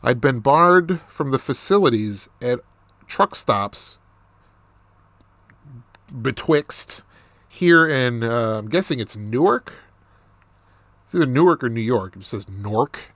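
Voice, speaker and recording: A man reads a novel aloud and stops to explain it, unhurried and self-deprecating. He stumbles and restarts often, and his voice sounds dry and close. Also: mid-range voice, fairly bright tone, dry recording. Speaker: reader. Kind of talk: reading a novel aloud with commentary.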